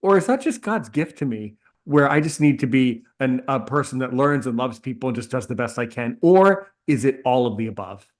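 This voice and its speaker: A man's voice: medium pitch, animated, fairly quick, hardly any pauses. A man hosting a casual interview, asking questions in a playful way. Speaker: host.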